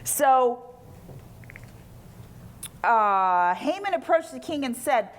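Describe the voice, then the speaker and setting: A woman speaker at a retreat giving informal Bible teaching in a lively, colloquial storytelling manner. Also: high voice, drawn-out words.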